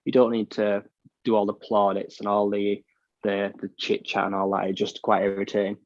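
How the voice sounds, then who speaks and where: A British man talks sport in loose, opinionated chat, often restarting his sentences. His voice sits low and barely moves in pitch. The recording is dry and a little muffled. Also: little pitch movement, normal speed, no room sound. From United Kingdom. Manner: blunt, opinionated, rambling with restarts. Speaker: podcast co-host. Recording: dull, dry lo-fi mic sound.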